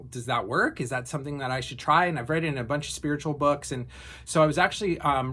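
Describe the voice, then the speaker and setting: A man's voice: fairly high pitch, fairly bright tone, slightly rough. A man in his thirties telling a personal story in a casual, reflective way, with frequent fillers and restarts. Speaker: vlogger.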